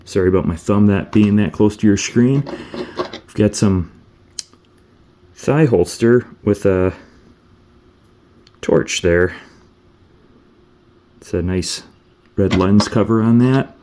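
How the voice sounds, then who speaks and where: Mellow, low-voiced male toy reviewer. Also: slow, pauses often, a little hiss or hum. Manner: meandering, thinks aloud while handling items. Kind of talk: casual product review.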